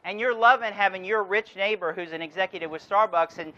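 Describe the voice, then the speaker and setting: A man's voice: high voice, fairly quick, sharp tone, lo-fi sound. A man giving a motivational keynote address, telling a story and driving his points home with rhetorical questions. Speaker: keynote speaker.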